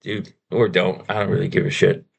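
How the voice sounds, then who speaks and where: Casting: low-voiced man, frustrated film reviewer, ranting and stammering through a casual vlog. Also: little pitch movement, a little fast, gravelly, husky, muffled recording. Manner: exasperated, ranting, repeats himself, stammers. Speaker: movie reviewer.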